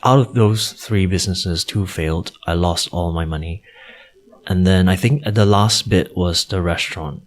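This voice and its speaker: A man, a podcast guest candidly telling personal stories in an intimate chat. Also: low voice. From Singapore. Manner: candid, storytelling, quoting others with raised voice.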